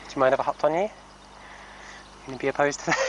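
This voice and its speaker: A man training a horse, talking softly and coaxingly to the animal while explaining to viewers in a casual vlog. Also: a little high, steady tone, fast talker, a little hiss or hum, rough recording. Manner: soft, coaxing talk to a horse, often hushed. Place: indoor horse stable area.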